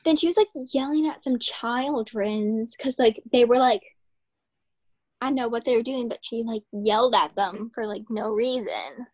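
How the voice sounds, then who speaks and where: A woman's voice: on the high side, normal speed, highs cut off. A young girl co-hosting a casual podcast, chiming in, laughing, and echoing her friend. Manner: chimes in, laughs, repeats her friend's words. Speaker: podcast co-host. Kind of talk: casual chat.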